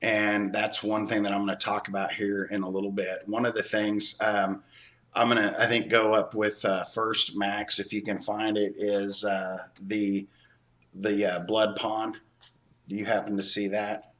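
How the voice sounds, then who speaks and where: A man co-hosting a casual podcast, telling a story slowly with many pauses and filler words. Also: lowish voice, little pitch movement, fairly bright tone. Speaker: podcast co-host.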